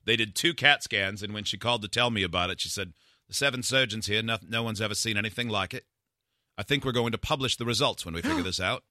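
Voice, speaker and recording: A man with a very bright, forceful tone and a slightly low pitch tells a long, rambling story about himself. He jokes at his own expense. The sound is dry and close, with no room echo. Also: quick pace. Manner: self-deprecating, rambling storyteller. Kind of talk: casual storytelling chat.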